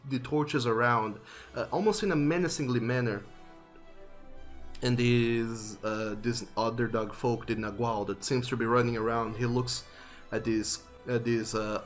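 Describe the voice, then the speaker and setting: A man narrating a tabletop game as game master, unhurried and descriptive with frequent fillers. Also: medium pitch.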